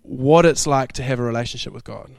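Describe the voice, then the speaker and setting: A young man preaching a sermon, telling stories in a lively way and laughing often. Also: mid-range voice, fairly quick, vocal fry, no echo. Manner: animated, laughing storyteller. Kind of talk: sermon storytelling.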